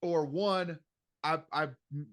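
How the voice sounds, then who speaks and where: A middle-aged man speaks as a guest in a casual podcast interview, coaching listeners with animated emphasis. His voice sits a little higher than most men's. He keeps circling back to repeat his key phrases. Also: takes it slowly. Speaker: guest, emotional intelligence coach.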